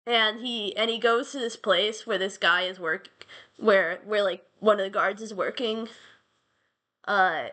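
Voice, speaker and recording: A woman's voice: mid-range voice, unhurried, pushed and bright. A woman telling an old myth in a casual, rambling way, full of slang and restarts. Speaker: podcast host.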